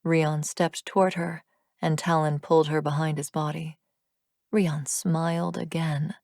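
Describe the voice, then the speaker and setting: A woman narrating an audiobook with a fairly low voice. She reads at an even, steady pace. The recording is very dry and close-miked. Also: a little slow, creaky, no room sound.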